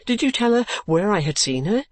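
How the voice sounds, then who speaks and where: A man's voice: high-pitched, very animated, fairly quick, no echo, pitched above the performer's own voice. A man voicing an eager, passionate young man in love in an audiobook, talking with vehement, pressing questions. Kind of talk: audiobook character voice.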